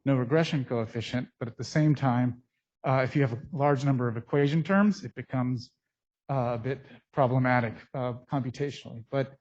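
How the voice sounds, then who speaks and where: A man giving a conference lecture on his research, speaking in a technical, halting way with frequent pauses, into a microphone. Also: medium pitch, darkish tone. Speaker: scientist presenting research. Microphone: speaking into a mic. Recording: dull, muffled through a face mask.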